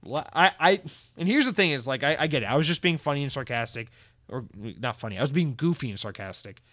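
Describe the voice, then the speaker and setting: A man's voice: mid-range voice, animated, fast, a bit bright, no room sound, clean studio sound. Profane, goofy podcast host man. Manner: profane, sarcastic, goofy rambling. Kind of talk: casual solo podcast monologue.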